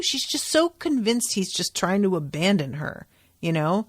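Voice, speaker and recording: A woman's voice: medium pitch, very animated, unhurried, no room sound, clean studio sound. A woman hosting a podcast, recapping book chapters in a chatty way, with lots of "like" and "um" and some casual swearing. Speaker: podcast host.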